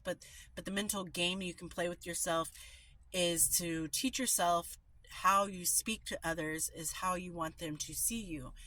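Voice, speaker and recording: A woman's voice: fairly low pitch, bright, forceful tone. A middle-aged woman reading a daily recovery meditation aloud, then reflecting in an earnest, informal way with fillers. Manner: earnest, informal, with fillers in her own remarks. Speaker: recovery meeting reader.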